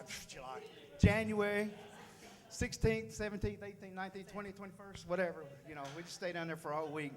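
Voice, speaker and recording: A man giving a folksy, fired-up motivational speech to a room at a sales meeting, repeating phrases for emphasis. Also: sits high. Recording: long hall reverb.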